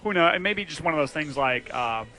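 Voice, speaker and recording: A man's voice: fairly high pitch, quick pace. A man in his thirties co-hosting a podcast, chatting casually in a bar and acting out the people in his stories. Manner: animated storyteller, acts out quotes. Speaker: podcast co-host.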